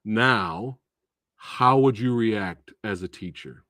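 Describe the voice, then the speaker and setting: A man hosting a live stream, talking about a film in an animated, profane way with frequent laughs. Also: on the low side, slow, no room sound, studio quality. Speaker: movie reviewer and host. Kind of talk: casual live-stream movie talk.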